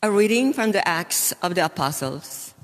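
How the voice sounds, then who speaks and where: A man reading scripture and the psalm aloud in church as lector, slow and deliberate. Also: high voice, expressive, fairly bright tone. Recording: long church reverb.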